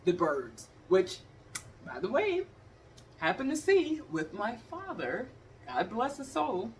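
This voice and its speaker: This woman's voice is fairly high with huge pitch swings and a slow pace, caught on a distant mic with a little hiss or hum. She's a vlogger in her fifties from around Cleveland, animatedly acting out comedic stories for the viewer.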